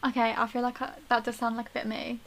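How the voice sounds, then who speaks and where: Young woman, slightly high voice. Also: rough recording. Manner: relaxed, laughs easily, quick agreeing replies. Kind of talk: casual chat.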